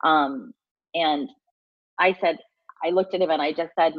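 A woman in her forties speaks low and heartfelt as an interview guest, often stumbling and restarting her sentences. Her voice sits deep for a woman, recorded dry with a slightly dull, lo-fi tone. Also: no room sound. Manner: halting and heartfelt, restarting phrases. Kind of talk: personal storytelling interview.

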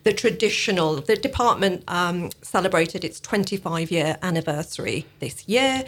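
Measured woman civil servant explaining. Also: lowish voice, expressive, a bit bright. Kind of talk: radio interview.

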